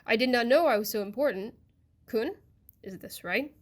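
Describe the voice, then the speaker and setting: A woman's voice: fairly high pitch, moderate pace, lightly acted. A woman voicing an anxious, boastful male crab creature in a storybook reading, pleading and proud by turns.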